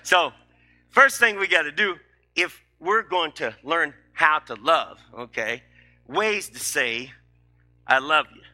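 Forceful folksy preacher man. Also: a little high, lively intonation, slow pace. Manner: folksy, emphatic, joking. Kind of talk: sermon.

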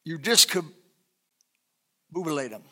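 A middle-aged man preaching a sermon, swinging between loud bursts and soft, quiet asides. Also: fairly high pitch, expressive, slow. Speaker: pastor.

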